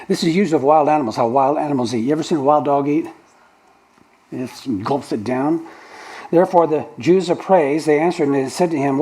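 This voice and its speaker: A male pastor preaches in a fairly high voice for a man, teaching verse by verse. He stops often to explain old word meanings and restarts his sentences mid-thought. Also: normal speed, a little mellow, rough recording. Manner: explanatory teaching, breaks down original-language words with restarts. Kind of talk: sermon. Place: church sanctuary.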